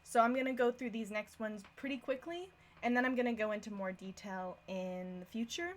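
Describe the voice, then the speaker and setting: A woman's voice: on the high side, fairly quick. A young woman giving a casual live-streamed language lesson, chatty and self-deprecating, often laughing at herself. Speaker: language teacher.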